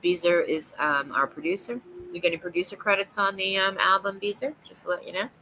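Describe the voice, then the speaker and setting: A woman's voice: fairly low pitch, fairly even intonation, brisk, pushed and bright, a little hiss or hum, poor audio. A woman with a New York accent, chatting on a livestream in a giggly, rambling way and jumping from topic to topic. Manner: giggly, rambling, jumps between topics, breaks into silly voices. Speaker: livestream host. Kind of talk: casual livestream chat.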